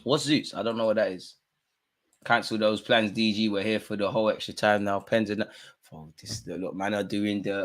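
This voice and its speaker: A young man hosting a live football watch-along, excitable and full of slang, swinging from loud outbursts to low mutters. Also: a little fast.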